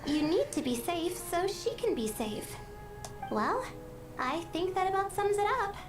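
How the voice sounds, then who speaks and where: Layla, a shy, sleepy young scholar. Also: female voice, extremely high pitch, big pitch swings, a little slow, distant mic, heavily acted. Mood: earnest. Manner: hesitant, stammers when flustered. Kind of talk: game character dialogue. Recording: game audio under music.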